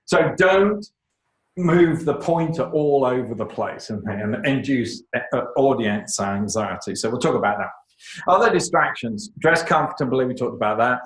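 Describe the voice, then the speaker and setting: A man giving a lively, emphatic lecture on public speaking, with joking asides to the audience. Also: mid-range voice, normal speed, reverberant, low-quality recording. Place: lecture room.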